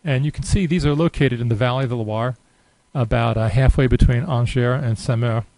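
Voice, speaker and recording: A man giving a relaxed, unscripted screen-recorded software tutorial, thinking aloud with many fillers. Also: medium pitch, brisk, no echo, rough recording. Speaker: software demonstrator.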